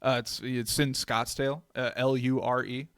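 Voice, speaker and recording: A man co-hosting a podcast, chatting casually in a laid-back way. He swears freely and often repeats himself. His voice sounds dry and close, with his pitch in the middle of the usual male range. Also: flat delivery, normal speed, a bit bright, clean tone, no echo. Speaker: podcast co-host. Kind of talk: casual chat.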